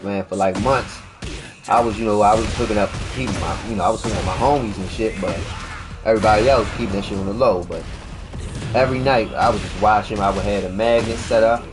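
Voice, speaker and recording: A man chatting casually and profanely while streaming a fighting game, rambling and joking around. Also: fairly low pitch. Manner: laid-back, rambling, profane, slips into goofy freestyle rhymes. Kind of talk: casual gaming stream chat. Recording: game music playing loudly underneath. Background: game music.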